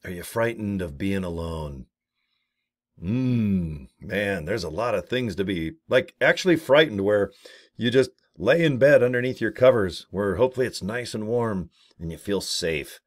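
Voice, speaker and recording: A middle-aged man riffing casually to camera in a playful, exaggerated way. His pitch jumps around a lot as he jokes. He sounds like a vlogger chatting about everyday things. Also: expressive, normal speed. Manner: playful, exaggerated, jokey rants. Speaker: vlogger promoting products. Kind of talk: casual joking monologue.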